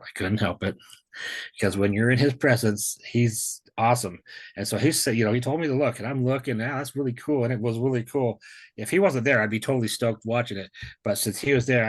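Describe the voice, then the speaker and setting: A man sharing a near-death experience in casual storytelling on a video call, excited and rambling, full of restarts and slang. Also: medium pitch.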